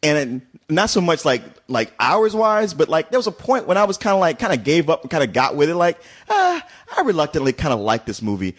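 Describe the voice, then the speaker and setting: A man with a husky, slightly high voice talks through a movie review. His pitch swings widely as he restarts sentences and swears casually. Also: expressive, brisk, few pauses. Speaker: film reviewer. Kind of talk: casual chat.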